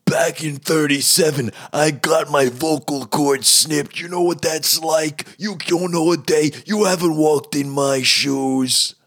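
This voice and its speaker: A man putting on the voice of a TV detective who yells all the time in a strained, raspy voice. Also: a little high, steady tone, slow, few pauses, pitched above the performer's own voice, heavily acted. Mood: yelling. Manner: constant yelling.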